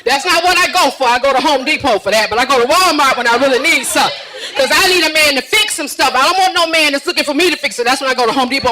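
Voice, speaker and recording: A woman doing a stand-up routine, sassy and teasing the crowd with drawn-out punchlines. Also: high voice, sharp tone, rough recording. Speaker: stand-up comedian.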